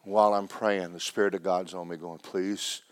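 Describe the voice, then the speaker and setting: A man preaching a sermon, loud and emphatic at times and sinking to a hushed near-whisper at others. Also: sits low, steady tone, a little fast, no room sound.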